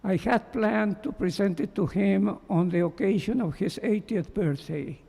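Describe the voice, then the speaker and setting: A man giving a measured, heartfelt memorial tribute as a former doctoral student, reading prepared remarks. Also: high-pitched, creaky, mellow, husky. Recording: long hall reverb.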